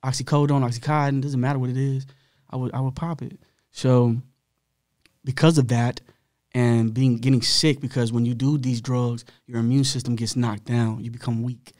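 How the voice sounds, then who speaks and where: A man's voice: mid-range voice, level tone, normal speed, darkish tone, no room sound, clean studio sound. A man as a podcast guest, telling his own story in a candid, blunt way, full of slang and swearing.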